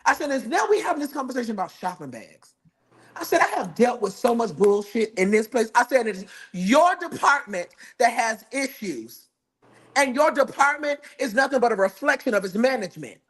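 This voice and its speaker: A man with a notably high voice tells a comic story. He is sassy and profane and talks in an animated way. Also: moderate pace, breathy edge. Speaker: guest telling a story. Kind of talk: comedic storytelling.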